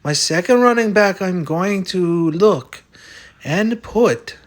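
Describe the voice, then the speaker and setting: Taking it slowly, a man with a high voice and lively intonation plays a stubborn show-off who claims Irish roots, talking bluntly and boastfully with some cursing. It's a comic sketch set over a fantasy lineup.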